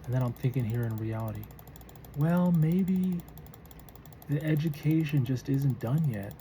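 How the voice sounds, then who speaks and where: Sleepy woman rambling in a dark voice. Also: a bass voice, expressive, measured pace, slight background noise. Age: 20s. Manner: rambling, musing half-thoughts with restarts. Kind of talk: casual late-night monologue.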